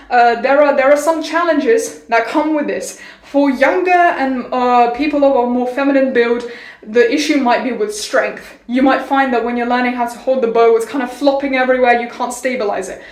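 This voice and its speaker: A woman's voice: a little high, moderate pace. A woman giving a casual violin lesson in a playful, jokey way, with theatrical asides. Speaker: violin teacher. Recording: roomy echo.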